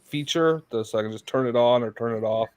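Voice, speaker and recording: A man's voice: mid-range voice, fairly quick, darkish tone, clean tone, dry recording. A man co-hosting a casual livestream chat, blunt and laughing, swearing casually. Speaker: co-host.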